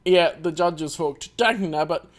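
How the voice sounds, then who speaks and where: A man's voice: a little high, a little slow. A man hosting a let's play, chatting casually and laughing as he reads and voices a game. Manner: chatty, animated, laughs often. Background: music.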